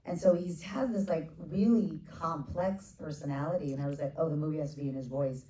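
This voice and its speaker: A woman in her forties, a film director, telling stories at a casual onstage Q&A in a low voice. She slips in quick asides and acts out what others said. The sound is roomy, like a theater heard from a distance. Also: a little hiss or hum. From United States. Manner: animated storyteller, quick asides, acts out others with bursts of laughter. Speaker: film director answering questions. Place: theater stage with audience.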